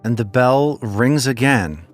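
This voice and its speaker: A man narrating as game master of a tabletop game, lively and chatty. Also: mid-range voice, slow pace, faint music behind. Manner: lively, animated storytelling.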